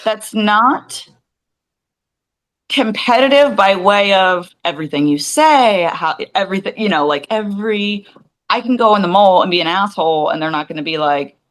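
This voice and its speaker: A woman's voice: medium pitch, lively intonation, moderate pace, rough recording. Woman in her 40s, podcast co-host, casual chat, rambling, acts out quotes.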